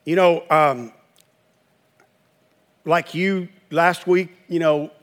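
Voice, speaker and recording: A man's voice: fairly high pitch, fairly even intonation, extremely slow, a bit bright. A man preaching a sermon in a conversational way, acting out quoted voices. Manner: conversational preaching, acts out quoted voices, chuckles at own stories. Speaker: pastor.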